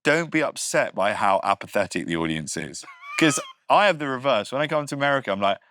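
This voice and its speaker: A man with an English accent, a comedian guest in a casual podcast chat, wry and self-deprecating and quick to laugh. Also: medium pitch, sing-song, fairly bright tone, slight background noise. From Britain.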